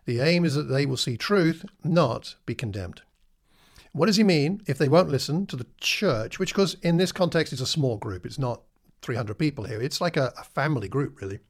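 A man's voice: medium pitch, expressive, normal speed. A man teaching a Bible class in a conversational way, asking his listeners questions and acting out the lines he quotes.

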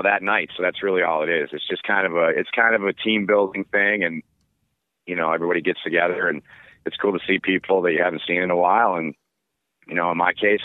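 A sports broadcaster answering interview questions in a relaxed, rambling way with lots of fillers. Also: male voice, sits low, dry recording. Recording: tinny phone-like line.

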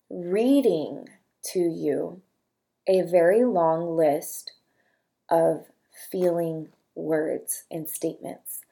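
A young woman hosting a podcast, talking casually to listeners, then reading a long list of feeling words slowly and softly one at a time. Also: fairly low pitch. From California. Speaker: podcast host.

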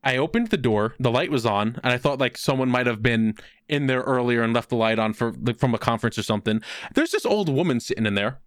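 A young man telling a long anecdote in a casual chat, swearing freely and getting animated when quoting people. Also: mid-range voice, fast, clear, resonant tone, dry recording, studio quality.

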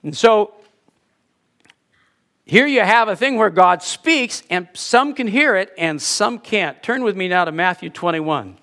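A man preaching a conversational sermon, asking rhetorical questions and pausing for emphasis. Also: high-pitched, lively intonation, pushed and bright. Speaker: pastor.

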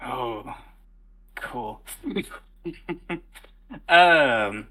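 Laid-back guy playing a tabletop game, slow and bright, laughs a lot. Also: medium pitch, expressive, poor audio. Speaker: player.

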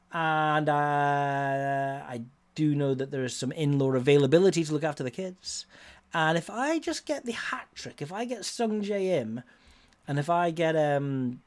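A man's voice: on the high side, darkish tone. A middle-aged man hosting a podcast, talking in a casual, rambling way with many fillers and restarts. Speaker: podcast host.

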